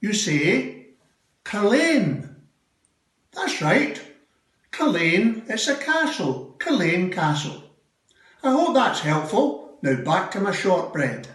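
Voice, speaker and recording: A man with a Scottish accent, gently explaining a word over a tablet video call. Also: high voice, big pitch swings, takes it slowly. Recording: echoey, distant room sound.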